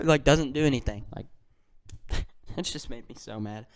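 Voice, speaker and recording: A young man talks through fight results in a loose, slangy rant, dropping to mutters and then flaring into loud outbursts. His voice is smooth and clear at a middling pitch. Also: normal speed, long pauses. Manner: excitable, ranting, slangy, swings from mutters to shouts. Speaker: MMA fan vlogger. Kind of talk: casual fight breakdown.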